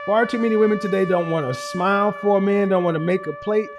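Blunt, high-voiced male streamer. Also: quick pace, over music. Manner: blunt, emphatic, profane lecturing. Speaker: streamer and commentator. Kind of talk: casual livestream commentary.

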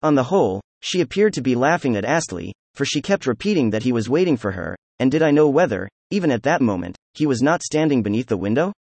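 A man narrating a novel chapter as an audiobook, in a steady, even-paced read. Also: mid-range voice, fast, hardly any pauses, slightly rough, no echo. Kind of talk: scripted narration.

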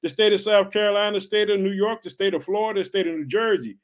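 Fired-up preaching man, rather high voice. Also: fairly even intonation, quick pace. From Illinois, USA. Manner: exhorting, repetitive call-and-response phrasing. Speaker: podcast preacher. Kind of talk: energetic podcast sermon.

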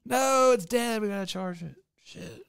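A man's voice: sits high, unhurried, vocal fry, fairly bright tone, clean tone, no echo, studio quality. A young man hosting a podcast, talking in a loose, rambling, profane way with frequent laughter. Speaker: podcast host. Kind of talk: casual chat.

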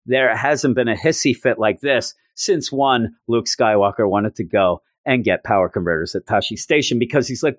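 A man casually recapping a story in an animated, joking, self-mocking way. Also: lowish voice, moderate pace, hardly any pauses, no echo, studio quality.

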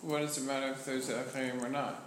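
A man with a flat, even voice questions and challenges the reading in a group study of a religious text. He recorded in an echoey room with steady background noise. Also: mid-range voice, fast.

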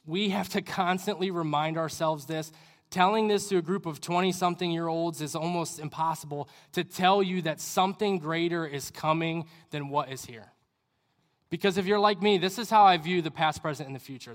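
A young adult man giving a sermon in a church hall, earnest and conversational, with rambling asides. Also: on the high side. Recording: reverberant hall.

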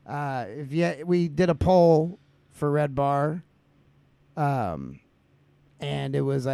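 A man rants on his comedy podcast, swearing and tripping over his own restarts. His voice sits high and crackles with gravel. The recording is close and completely dry. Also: darkish tone, no room sound. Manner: ranting, profane, full of restarts. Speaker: podcast host. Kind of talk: casual comedic podcast rant.

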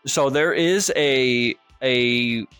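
A man's voice: medium pitch, drawn-out words, fairly bright tone, clear, resonant tone, no echo, soft background music. A man hosting a casual podcast who tells rambling stories, swears freely, and says "dude" and "like" often. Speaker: podcast host.

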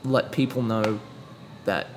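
Young Australian man, softened accent with British inflections, rambling chat, noisy recording. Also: fairly low pitch, steady tone, takes it slowly. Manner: chatty, rambling, frequent fillers and restarts. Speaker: podcast guest. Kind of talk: casual chat. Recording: audible background noise.

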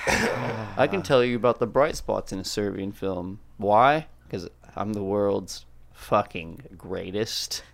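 A man's voice: fairly low pitch, slow, creaky. A man hosting a comedy podcast, talking in a crude, profane and boastful way. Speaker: podcast host. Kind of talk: casual comedy podcast chat.

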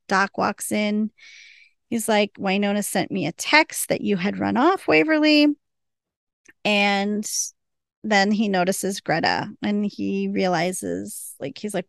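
Brief: woman co-host, vocal fry, dry close sound, chatty scene-by-scene recap. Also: medium pitch, fairly bright tone, no echo. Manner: retells scenes quoting characters, chatty. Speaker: podcast co-host. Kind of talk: casual episode recap.

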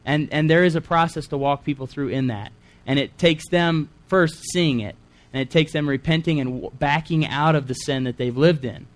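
A man's voice: a little high, moderate pace. A man preaching a sermon, reading scripture aloud and breaking in with earnest asides.

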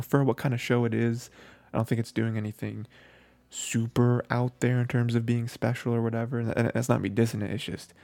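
Male podcast host, low gravelly voice, casual rambling recap, dry close mic. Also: no room sound. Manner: rambling, frequent fillers and soft laughs.

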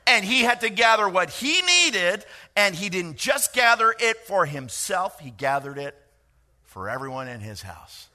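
A middle-aged man preaching a sermon, lively and joking, with quick asides to the congregation. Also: high voice. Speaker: pastor.

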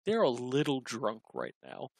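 A man's voice: mid-range voice, sing-song, unhurried, gravelly, darkish tone, no echo. A man running a tabletop game as game master, narrating scenes and calling for rolls, often trailing off and restarting.

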